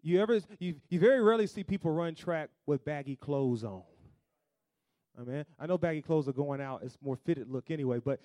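A man preaching a sermon, calling out to the congregation and swinging from loud declarations to hushed, drawn-out lines. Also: on the high side, no room sound, studio quality. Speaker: pastor. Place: church.

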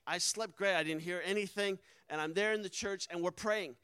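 A man's voice: high-pitched, a little fast, sharp tone, clear, resonant tone, dry recording, poor audio. A man, a missionary, telling a personal testimony with earnest emotion and acting out the quoted dialogue. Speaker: missionary speaker.

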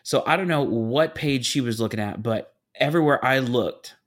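A man in his thirties, animated and emphatic, casually telling a story on a podcast. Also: mid-range voice, moderate pace.

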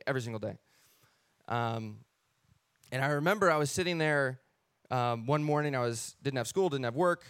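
A man sharing his personal faith testimony in an earnest, animated way, often acting out his own thoughts. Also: mid-range voice, clear, resonant tone, dry recording, clean studio sound.

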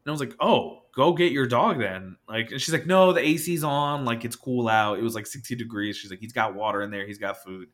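A man's voice: medium pitch, quick pace, hardly any pauses, fairly bright tone. A man co-hosting a podcast, telling a story in casual chat, acting out quotes and swearing as he gets worked up. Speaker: podcast co-host.

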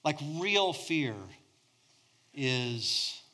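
A middle-aged man preaching a sermon, swinging between loud emphasis and hushed near-whispers. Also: a little high, expressive, extremely slow. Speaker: pastor.

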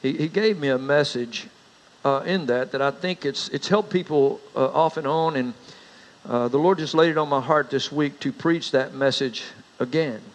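A middle-aged man with a drawl delivers a sermon, weaving in homespun stories with a folksy touch. His voice sits somewhat high for a man. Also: moderate pace, rough recording. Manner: folksy storyteller, rises in pitch for anecdotes. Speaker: pastor.

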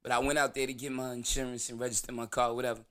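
Male host, mid-pitched, loose rambling storyteller who laughs and swears freely. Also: flat delivery, rapid-fire, fairly bright tone. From New York. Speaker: show host. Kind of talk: casual storytelling monologue.

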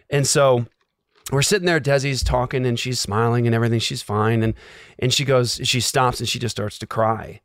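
A man's voice: mid-range voice, fairly even intonation, moderate pace, fairly bright tone, dry recording, studio quality. A man, a guest, telling a personal story in an earnest, emotional way with lots of "like"s. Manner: earnest, emotional, filler-heavy with many "like"s. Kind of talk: casual storytelling.

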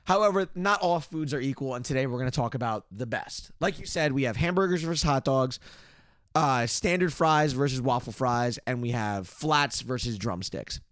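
A man's voice: mid-range voice, normal speed, fairly bright tone, no echo, studio quality. A man co-hosting a casual podcast, reading trivia from his notes with rambling asides. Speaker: podcast co-host. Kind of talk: casual chat.

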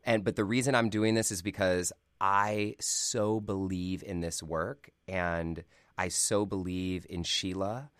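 A man hosting a podcast in casual, animated chat, laughing often and acting out little scenes. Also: low-pitched, unhurried, clean tone, no echo, studio quality. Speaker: podcast host.

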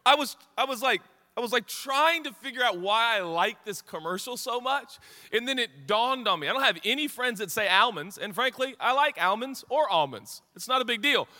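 A middle-aged man as pastor giving a sermon, telling a story with animated energy that rises into excited shouts and laughter. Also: very high voice, long reverb tail.

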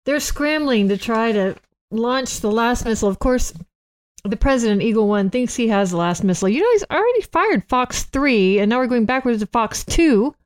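A woman co-hosting a casual chat show from home, retelling scenes with lively put-on lines and frequent laughs. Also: on the high side, normal speed. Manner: animated, acts out movie lines, laughs often. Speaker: podcast co-host.

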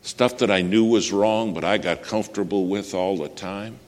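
A man with a very low, deep voice delivers an earnest storytelling sermon, turning often to question his listeners. His voice rings with a long reverb, as if recorded in a large hall. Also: normal speed. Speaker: preacher.

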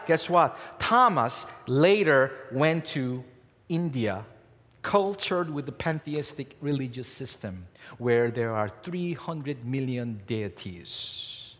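A man preaching a sermon, emphatic and repetitive, his pitch rising and falling as he drives points home. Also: animated, slow, fairly bright tone. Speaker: pastor. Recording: long hall reverb.

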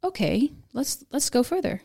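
A woman's voice: high-pitched, sing-song, normal speed, gravelly, mellow, breathy edge. A woman guest in a podcast interview, talking earnestly and emphatically about policy. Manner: earnest, emphatic, rising to stress points. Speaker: nurse guest, advocacy founder.

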